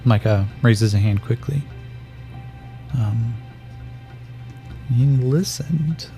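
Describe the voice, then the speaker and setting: A man narrating a solo tabletop game as game master, calling out dice rolls in a measured way. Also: mid-range voice, dark tone, faint music behind.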